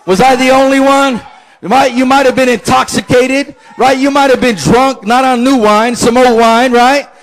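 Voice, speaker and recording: Man, pastor, very high voice, shouting sermon, call-and-response. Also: fairly even intonation, normal speed, rough recording.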